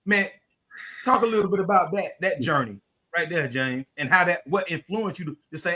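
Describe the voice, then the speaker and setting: Bright, animated host. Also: male voice, high voice, fairly quick. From Southwest Atlanta. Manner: animated, slangy, calls the guest "man". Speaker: podcast host. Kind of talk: casual interview chat.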